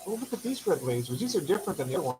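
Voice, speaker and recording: A man's voice: a little high, sing-song, very fast, warm tone, a little hiss or hum, poor audio. A man hosting a casual livestream, chatty and affectionate, reading viewer comments aloud and sounding tired. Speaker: livestream host.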